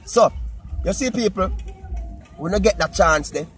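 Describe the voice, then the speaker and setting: Animated high-voiced Jamaican man. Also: measured pace, soft background music. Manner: animated Jamaican patois talk, repetitive. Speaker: vlogger. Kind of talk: casual talk to camera.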